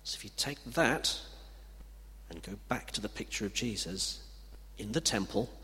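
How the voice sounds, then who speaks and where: A man's voice: on the low side, expressive, moderate pace. Man preaching in a reverberant hall. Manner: emphatic, swings between loud declaration and hushed delivery. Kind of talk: sermon. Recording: reverberant hall with faint background noise.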